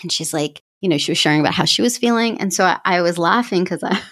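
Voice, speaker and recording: A woman's voice: fairly low pitch, fast talker, no echo. A woman hosting a podcast, talking candidly and animatedly about her own feelings in a reflective monologue. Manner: candid, animated, self-revealing. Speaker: podcast host.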